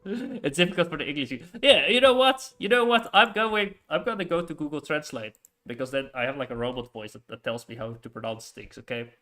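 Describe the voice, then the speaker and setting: A man streaming a city-building game in casual chat, rambling with lots of fillers and quick laughs. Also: a little high, lively intonation, sharp tone, soft background music. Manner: rambling, hesitant, full of fillers and frequent laughs. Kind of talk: casual live-stream chat while playing.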